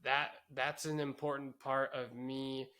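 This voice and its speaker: A man's voice: medium pitch, level tone, a little slow, sharp tone. A man co-hosting a podcast, speaking candidly and reflectively in casual chat, with some swearing. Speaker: podcast co-host.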